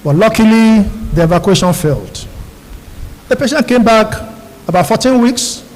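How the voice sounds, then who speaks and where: A middle-aged Nigerian radiologist addresses a room of new doctors, telling his stories earnestly and speaking straight to them. His voice sits high for a man. The sound carries a long echo from a big auditorium. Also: expressive, moderate pace, a little mellow. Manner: earnest, storytelling, addresses audience directly. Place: large university auditorium. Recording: long hall reverb.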